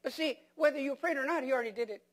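A man with a notably high voice delivers a sermon as pastor. He keeps asking the congregation questions and repeats words and restarts phrases to drive each point home. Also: rapid-fire. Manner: emphatic preaching with rhetorical questions to the congregation.

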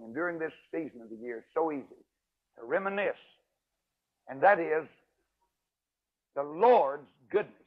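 An older man, an evangelist preacher, telling a folksy, emphatic story in a sermon, his voice swinging from loud to hushed. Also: on the high side. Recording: tinny radio broadcast audio.

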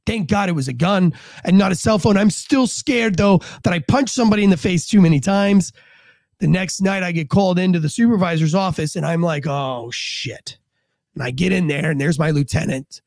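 High-voiced man telling a dramatic story. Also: fairly quick, darkish tone, dry recording. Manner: vivid, acts out dialogue, matter-of-fact. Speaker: former police officer. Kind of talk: dramatic first-person storytelling.

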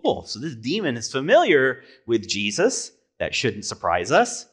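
A man's voice: mid-range voice, huge pitch swings, a little slow, a bit bright, husky. A man preaching a sermon as pastor, conversational, asking rhetorical questions and correcting himself.

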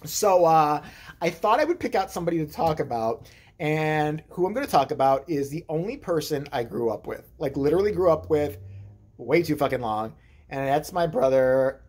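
A woman with a low, husky voice rambles through family stories in a loose monologue. She swears freely and keeps the jokes dark. Her pitch swings widely as she talks. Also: lively intonation, moderate pace. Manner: rambling, profane, darkly joking. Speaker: vlogger. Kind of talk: casual storytelling monologue.

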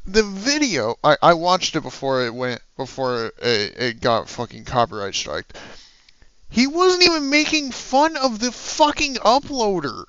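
A YouTuber who is sick, ranting angrily and yelling with a lot of profanity. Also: mid-range voice, no echo, lo-fi sound. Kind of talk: angry rant vlog.

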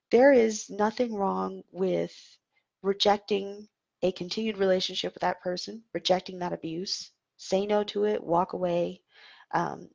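A woman's voice: mid-range voice, creaky, darkish tone, lo-fi sound. A woman leading an online meditation livestream, talking earnestly and conversationally, with fillers and restarts. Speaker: meditation leader. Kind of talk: livestreamed dharma talk and guided chant.

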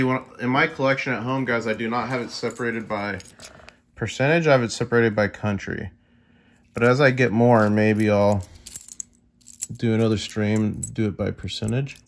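A young man in casual chat with his viewers, easily amazed and talking to them directly as he sorts through coins. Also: fairly low pitch. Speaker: coin collecting vlogger.

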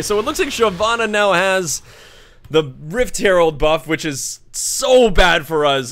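Excitable high-voiced male gamer. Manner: excitable, swings from muttering to yelling; swears and laughs in frustration. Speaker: gaming YouTuber. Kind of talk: live gameplay commentary.

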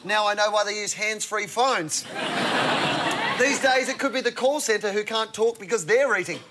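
Australian male comic host, wry punchlines, high lively voice, big audience laughs. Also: moderate pace, over a noisy crowd, very noisy. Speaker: comedy panel show co-host. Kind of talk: reading joke news segment. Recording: loud studio audience laughter.

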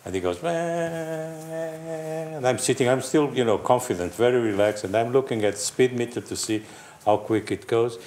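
A man's voice: medium pitch, fairly quick, hardly any pauses, a little mellow. An older man telling a racing story to friends on a panel, acting out voices and crash noises and laughing often. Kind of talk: casual anecdote among friends. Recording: roomy echo with faint background hiss.

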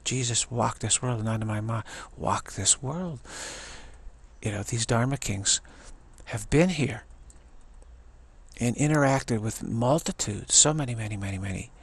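A man in his sixties gives a rambling spiritual talk, with a gravelly, husky voice. He halts often, repeating words and restarting his sentences as he teaches. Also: medium pitch, moderate pace. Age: 60s.

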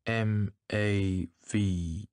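Male reader as a flat, tired policeman, deep voice, dry sound. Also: very slow, dry recording. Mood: matter-of-fact. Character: weary male motorcycle policeman, matter-of-fact.

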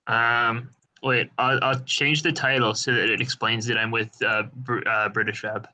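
A man hosting a laid-back live stream, trading dry, teasing jokes with his co-host. His voice has a very bright, sharp tone at a middle pitch. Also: little pitch movement, normal speed, rough recording. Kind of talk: casual live-stream banter.

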